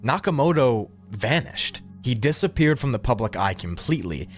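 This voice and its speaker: A man narrating a true-crime video in a measured, reflective scripted style. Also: mid-range voice, sing-song, faint music behind.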